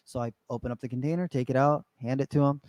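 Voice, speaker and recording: A man co-hosting a podcast in casual chat, an animated storyteller who acts out the people in his stories. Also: mid-range voice, fast, no room sound. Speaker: podcast co-host.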